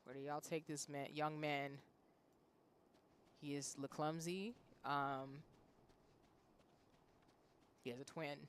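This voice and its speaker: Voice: medium pitch, steady tone, takes it slowly, long pauses, a bit bright, a little hiss or hum. A streamer in their thirties giving casual commentary while playing a game, chatty and talking back to the characters on screen. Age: 30s. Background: faint background music.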